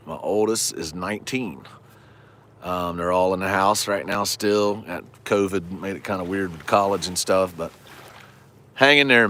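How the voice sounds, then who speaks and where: A man's voice: low voice, bright, forceful tone. Folksy man chatting on a lakeshore stream. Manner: folksy, joking, chatty with viewers. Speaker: fishing livestreamer. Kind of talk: casual livestream chat. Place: outdoors on a lake shore. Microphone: phone camera.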